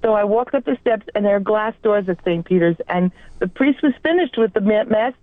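A woman's voice: mid-range voice, a little fast, dry recording. A woman with a New York accent calling in to a radio show, telling a personal story in an earnest, rambling way. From New York area. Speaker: caller. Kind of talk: phone-in testimony. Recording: tinny phone line.

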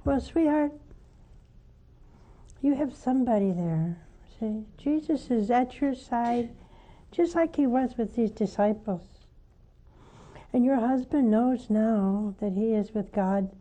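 An older woman, a nun hosting a call-in show, preaching fervently and coaxing callers, her voice often rising to high emphatic peaks. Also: slow pace, long pauses, mellow, dull audio.

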